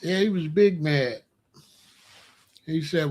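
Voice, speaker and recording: A man giving casual, mocking online commentary in an animated way, often laughing and coming back to the same catchphrase. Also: high-pitched, measured pace.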